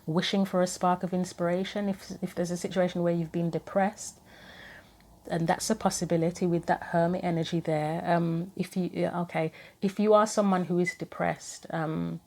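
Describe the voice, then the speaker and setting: A woman giving a casual tarot reading to camera, thinking aloud with frequent pauses, earnest and gently sympathetic. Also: on the low side, flat delivery. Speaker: tarot reader.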